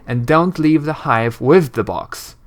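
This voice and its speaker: A man's voice: on the high side, lively intonation, unhurried, pitched above the performer's own voice. A man putting on a shifty rustic beggar. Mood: urgent. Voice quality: old-timey rustic speech, "ye" and "me". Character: grimy shifty male beggar with a rustic brogue.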